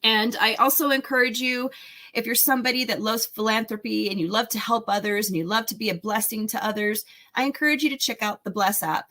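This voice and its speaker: A woman's voice: a little high, fairly quick, bright, forceful tone. A woman in her forties hosting a solo podcast, talking in an enthusiastic, encouraging, rambling way with fillers. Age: 40s. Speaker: podcast host and speaker. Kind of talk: casual solo podcast talk.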